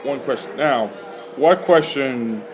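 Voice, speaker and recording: A man interviewing a guest in a casual way, halting and repeating words as he asks questions. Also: mid-range voice, loud music behind the voice, rough recording.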